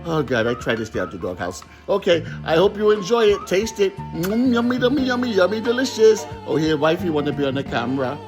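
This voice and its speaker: A man's voice: sits high, expressive, fairly quick, hardly any pauses, music in the background. A man hosting a playful home cooking show in his kitchen, talking in a silly, sing-song way. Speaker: cooking show host and teacher.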